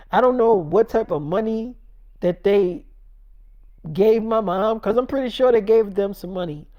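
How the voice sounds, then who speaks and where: A performer voicing a shaken, forgiving young wife in an improvised spoken story, rambling and halting with many fillers. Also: mid-range voice, no echo, lo-fi sound, lightly acted.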